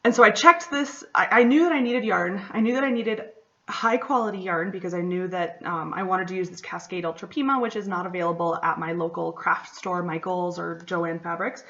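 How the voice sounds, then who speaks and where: A woman's voice: fairly low pitch, a little fast, a bit bright, highs cut off. A woman, hosting a casual solo podcast and telling a story in a chatty way with lots of "like" and "you know". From Michigan, USA. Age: 20s. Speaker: podcast host.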